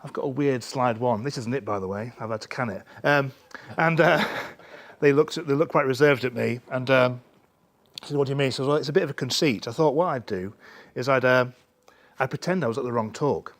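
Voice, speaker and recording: A man's voice: mid-range voice, brisk. A man with a Northern English accent giving a rambling, self-deprecating lightning talk full of fillers and restarts. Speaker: conference speaker.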